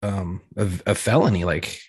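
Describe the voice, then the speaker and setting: A man's voice: low voice, animated, normal speed, a little mellow, husky, no echo. A man, a police officer, telling a profane story in casual chat and acting out the quotes with animation.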